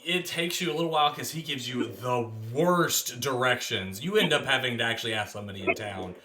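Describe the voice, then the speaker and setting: Bright-voiced man running a tabletop game. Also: medium pitch, a little fast. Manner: casual, laughing, loose storytelling. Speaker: dungeon master. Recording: roomy mic with faint noise.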